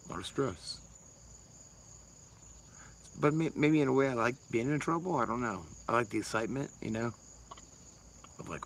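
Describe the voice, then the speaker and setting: A man's voice: medium pitch, animated, normal speed, pauses often, a bit bright, slight background noise, rough recording. A man, rambling casually and swearing freely on a livestream while answering chat. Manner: rambling, profane, laid-back.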